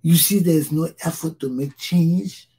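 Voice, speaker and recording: A man's voice: a little high, fairly even intonation, measured pace, dark tone, breathy edge. A Liberian man hosting his own talk show, speaking in an impassioned solo monologue and repeating phrases for emphasis.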